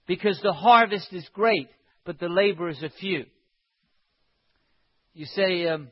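Impassioned preacher, breathy voice, echoing hall. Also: male voice, sits high, animated, slow, pauses often. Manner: impassioned, rising to emphatic cries. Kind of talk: sermon. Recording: dull sound in a reverberant hall.

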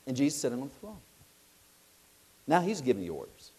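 A middle-aged man preaches a sermon built around a lively story, acting out voices and putting questions to his listeners. His mid-range voice is brisk and slightly rough.

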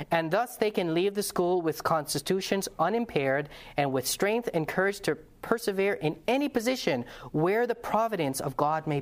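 A man preaching a lesson to a congregation, passionate and earnest, telling stories and putting questions to the audience. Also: a little high. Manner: conversational storytelling with restarts. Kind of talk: sermon-style lesson to a congregation.

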